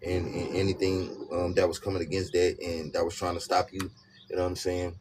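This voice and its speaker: A man's voice: sits low, a little fast. Emphatic man reading tarot, noisy birdsong backdrop. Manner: repetitive, emphatic, peppered with "you know what I'm saying". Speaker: tarot reader. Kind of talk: casual spoken tarot reading. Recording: steady background noise with birdsong.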